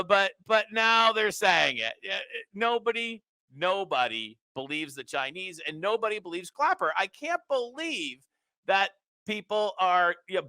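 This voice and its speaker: A male talk show host delivers a political commentary monologue, reading quotes aloud and breaking in with mocking, sarcastic remarks. His pitch swoops and jumps as he talks, and his tone is bright and forceful. The sound is dry and close, with no room echo.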